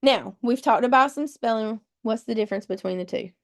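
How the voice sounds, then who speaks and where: Briskly and in a fairly high voice, a woman leads a live test-prep webinar. She takes her audience through the rules step by step with patience, spelling words letter by letter.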